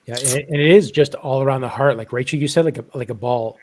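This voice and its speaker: A man speaks gently and reflectively on a video call, his voice sitting in a middle pitch. He talks through a spiritual vision with many pauses and fillers. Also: slight background noise. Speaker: channeling participant.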